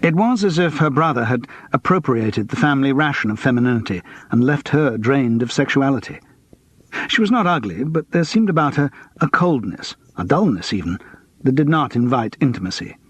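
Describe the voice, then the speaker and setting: A man narrating a mystery audiobook in a measured, even storytelling manner. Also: medium pitch, breathy edge, no echo.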